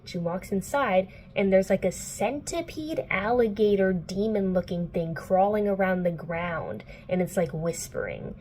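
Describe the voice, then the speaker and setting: A woman's voice: mid-range voice, a little slow, few pauses, a little mellow, a little hiss or hum. A young woman book vlogger casually recapping a plot indoors, chatty and playful, full of "like" and swearing. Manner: chatty, filler-heavy, profane, playful.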